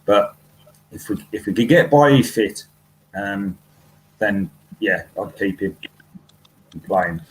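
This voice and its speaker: A low-voiced man speaks on a fan podcast panel, blunt and wry, stopping often for "um" as he talks. A faint noise hums under his voice. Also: animated, slow pace, pauses often, low-quality recording. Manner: blunt, wry, with many fillers.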